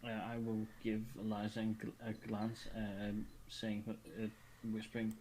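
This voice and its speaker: A man's voice: lowish voice, completely flat delivery, measured pace, few pauses, darkish tone, a little hiss or hum. A man playing in a tabletop game, explaining rules and lore matter-of-factly. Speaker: player. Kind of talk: casual tabletop game play.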